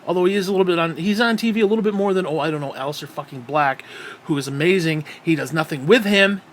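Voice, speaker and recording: A man's voice: fairly high pitch, fast, a little hiss or hum. A man giving a profane, exasperated solo rant as a wrestling reviewer, sighing often. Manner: profane, exasperated ranting with sighs. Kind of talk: ranting solo commentary.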